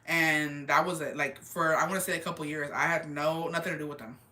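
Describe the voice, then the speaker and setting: A young woman casually and candidly retelling a family story, animated, with lots of "like" and quoted dialogue. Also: deep voice, a little fast. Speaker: storyteller on a chat show. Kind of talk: casual chat.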